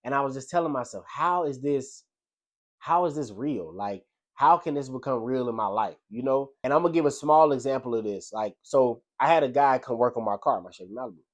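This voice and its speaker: A delivery driver with a mid-range voice shares life lessons in a casual motivational talk, speaking fairly quickly. His storytelling is loose and slangy, with frequent "you know what I'm saying".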